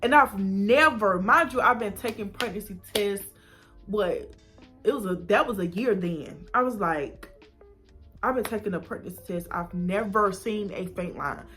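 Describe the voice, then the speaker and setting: A woman's voice: mid-range voice, a little slow, a bit bright, soft background music. A young woman telling a personal story to camera, acting out her past reactions with whispers and gasps. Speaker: vlogger.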